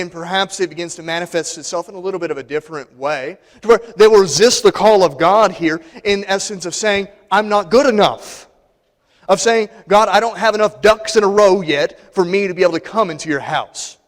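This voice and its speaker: A man preaching a sermon in a church, emphatic and repeating phrases for stress. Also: sits high. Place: church sanctuary. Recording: long hall reverb.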